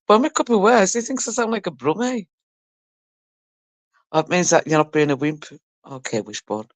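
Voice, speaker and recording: A woman's voice: fairly low pitch, no room sound. A woman livestreaming, casually chatting with her audience and reading comments, teasing viewers with laughter and the odd swear word. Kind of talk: casual chat with a live audience.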